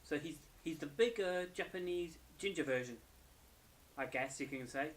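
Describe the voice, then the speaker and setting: A man's voice: fairly high pitch, normal speed. A young man, tired and yawning, casually reviewing an anime episode in a rambling, self-correcting way.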